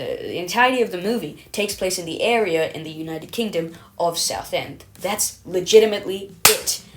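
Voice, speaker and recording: A woman reading her own video essay in a scripted, self-mocking, rambling way, stumbling over words and correcting herself. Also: lowish voice.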